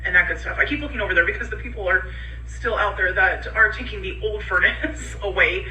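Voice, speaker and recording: A tired woman talking in a casual home vlog, rambling and halting with many ums. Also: medium pitch, bright, forceful tone, reverberant, far from the mic, rough recording. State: tired, low on energy. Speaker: vlogger in a clip being reacted to.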